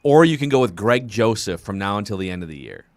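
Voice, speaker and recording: A man hosting a casual sports podcast, relaxed and thinking aloud with hesitations. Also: fairly low pitch, fast, dry recording. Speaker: podcast host.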